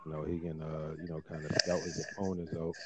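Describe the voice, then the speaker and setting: A man in a casual sports debate who speaks in a relaxed, low-key way with many fillers. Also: fast, background noise. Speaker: panelist.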